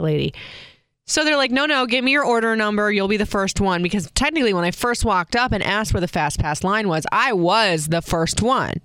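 A woman's voice: lowish voice, a bit bright, no echo, clean studio sound. A young adult woman and mother telling a casual storytime, chatty with wry asides and acted-out quotes. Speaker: vlogger, mother.

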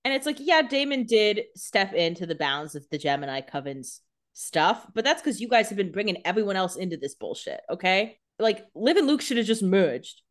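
A woman's voice: medium pitch, very animated, normal speed. A woman co-hosting a casual TV recap podcast, blunt and opinionated with casual swearing. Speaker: podcast co-host.

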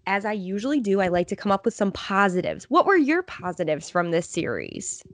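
A woman's voice: medium pitch, huge pitch swings, a little fast, no room sound. A woman co-hosting a sports podcast, talking in an earnest, upbeat way as a fan. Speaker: podcast co-host. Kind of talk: casual sports podcast chat.

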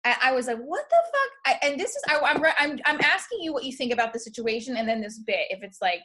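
A woman hosting a podcast tells a story in a casual, comedic chat, animatedly acting out what people said. Her voice is on the high side and she talks fast.

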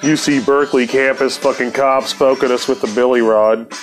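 A man's voice: mid-range voice, steady tone, normal speed, faint music behind. A man telling a story from his past in a casual, laid-back way, cursing freely and laughing often.

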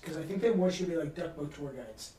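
A man's voice: on the high side, lively intonation, quick pace, mellow, distant mic, slight background noise. Rambling, profane man in a roomy room. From New England. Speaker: podcast host. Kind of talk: casual chat. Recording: roomy sound from off-mic.

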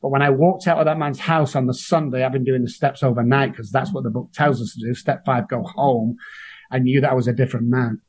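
With slight background noise, a man whose voice is medium-pitched, steady, and brisk recounts his own experiences as an interview guest. He speaks earnestly and emotionally, acting out quoted voices along the way.

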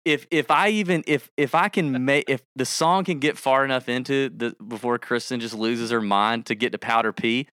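Guy cohosting a podcast, really bright clean voice, dry close mic, goofy and animated. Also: medium pitch, moderate pace, few pauses, clean tone, no echo. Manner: animated, breaks into rapping and song impressions. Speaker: podcast co-host. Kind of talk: casual podcast chat with ad read.

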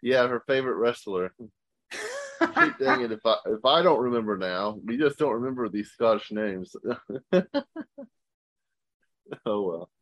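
A man's voice: medium pitch, lively intonation, unhurried, long pauses, a bit bright. A man co-hosting a podcast in casual chat, joking and teasing and laughing often. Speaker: podcast co-host.

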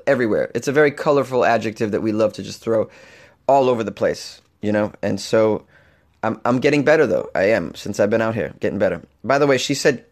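A man hosting a comedic podcast, slightly hoarse, rambling and animated with frequent restarts. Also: on the low side, brisk. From Boston, Massachusetts. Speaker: podcast host. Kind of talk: casual comedic podcast monologue.

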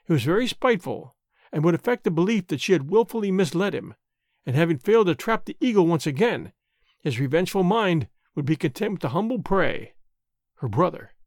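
A male narrator reading a classic novel in a high, very lively voice. His storytelling is expressive and steady. The sound is close and dry, with no room around it. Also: a little fast, no echo.

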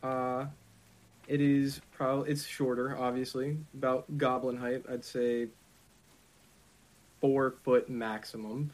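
A man's voice: medium pitch, little pitch movement, slow, long pauses, rough recording. A man playing a tabletop game, describing a character with many hesitant fillers. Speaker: player.

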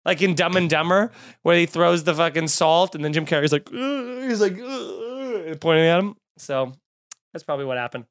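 A male stand-up comedian hosting a podcast tells a story in a casual, animated, self-mocking style, swearing a lot. His voice is a little high and brisk, and the studio sound is clean with no room echo.

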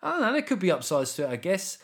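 A man's voice: high-pitched, huge pitch swings, fast talker, fairly bright tone. Wry ranting British man. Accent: British English. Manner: wry, ranting, lots of fillers and restarts. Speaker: podcast host, comedian. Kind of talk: casual solo podcast chat.

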